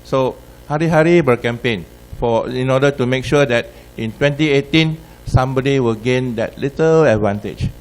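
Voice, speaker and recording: A man's voice: mid-range voice, normal speed, few pauses, poor audio. A man with a Malaysian English accent, a newspaper editor, speaking reflectively on a discussion panel.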